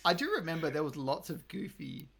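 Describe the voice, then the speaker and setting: A woman's voice: deep voice, a little fast, gravelly, breathy edge. A woman co-host chatting casually about a film and laughing a lot. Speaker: podcast co-host. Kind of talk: casual chat.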